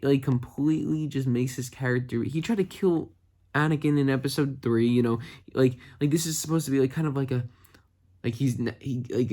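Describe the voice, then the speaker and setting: A man reviewing a TV episode in a casual vlog, excitable and rambling, with lots of "like" fillers. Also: mid-range voice. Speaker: fan reviewer.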